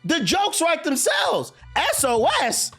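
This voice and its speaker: A man's voice: extremely high pitch, very animated, takes it slowly, fairly bright tone, faint music behind. A man streaming live, ranting at his viewers in a heated, mocking and profane way.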